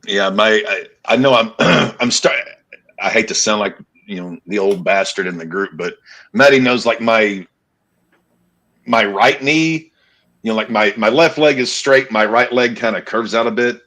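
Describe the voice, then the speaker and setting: A man in his thirties chats loosely as a podcast co-host. His voice sits on the low side, and he wanders through his points with self-deprecating asides and the odd curse. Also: moderate pace, sharp tone, low-quality recording. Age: 30s. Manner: rambling, self-deprecating, swears. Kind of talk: casual chat.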